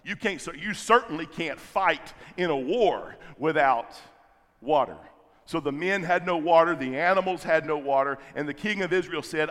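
A man's voice: a little high, lively intonation, moderate pace, a bit bright, in a large hall. A man preaching a sermon, retelling scripture and building to fervent, emphatic repetition. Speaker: pastor.

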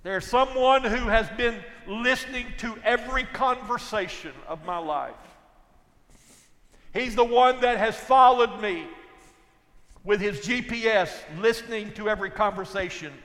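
An older man preaching a sermon, telling folksy stories and swinging from loud to hushed. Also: high voice, unhurried, big-room sound. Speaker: pastor.

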